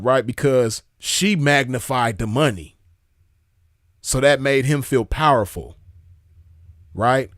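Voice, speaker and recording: A man's voice: mid-range voice, no room sound, clean studio sound. A man giving casual commentary, laid-back and slangy, often checking in with the listener. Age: adult with a child. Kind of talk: casual commentary reading messages aloud.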